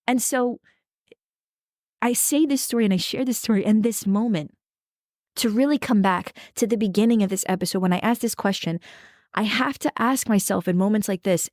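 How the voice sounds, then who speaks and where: Earnest woman podcast host, mid-pitched voice, talks straight to listeners, dry close sound. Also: normal speed, darkish tone, dry recording. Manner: earnest, emphatic, addresses listeners directly. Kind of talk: reflective podcast talk.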